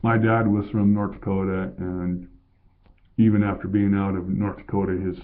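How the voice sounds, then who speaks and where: A man's voice: deep voice, level tone, normal speed. An older man from Colorado talking in a rambling, casual monologue to his viewers, often correcting himself mid-sentence. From Colorado, USA. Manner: rambling, conversational, with self-corrections. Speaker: vlogger. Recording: tinny phone-like sound.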